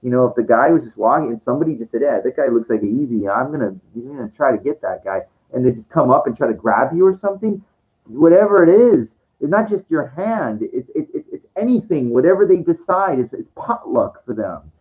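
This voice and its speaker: A man talks through a loose, rambling monologue, cursing freely and tripping over his own sentence starts. His pitch swings widely as he goes. The recording sounds dull and lo-fi. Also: expressive, fairly quick. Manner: rambling, profane, many restarts and fillers. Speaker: vlogger.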